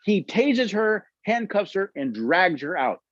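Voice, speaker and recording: Speaking slowly in a high, sing-song voice, he runs a constitution study session with questions from the audience. His storytelling is emphatic and he acts out quotes; the audio has no echo but sounds muffled.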